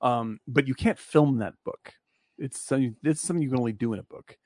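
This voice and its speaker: A man's voice: mid-range voice, fairly quick, darkish tone, dry recording. A man hosting a casual film discussion, blunt and profane, rambling with lots of fillers.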